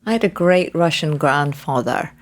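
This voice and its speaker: A woman with a lower voice talks loosely with founders on an investor panel. Her talk rambles in a friendly, self-deprecating way. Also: animated, normal speed.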